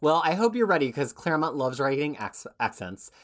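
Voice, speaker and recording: A woman's voice: deep voice, big pitch swings, fairly quick. A woman hosting a comic book podcast, reading a scripted opening and then teasing her co-hosts. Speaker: podcast host.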